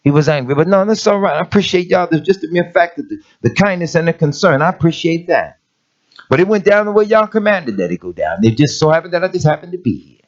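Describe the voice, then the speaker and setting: A man's voice: a little high, animated, quick pace. A middle-aged man preaching a conversational sermon as an elder, emphatic and plain-spoken, calling out to his listeners. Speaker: elder of an assembly. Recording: dull lo-fi sermon recording.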